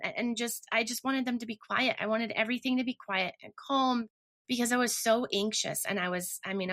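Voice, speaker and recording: A woman's voice: medium pitch, pushed and bright. A woman telling her personal story earnestly and emotionally, often restarting her sentences. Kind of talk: personal testimony.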